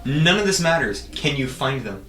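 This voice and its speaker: A man's voice: medium pitch, big pitch swings, normal speed, bright, forceful tone, reverberant. A teenage boy co-hosting a casual school chat show, rambling and restarting his sentences. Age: teens. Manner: rambling, stumbling over words with many restarts. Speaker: podcast co-host.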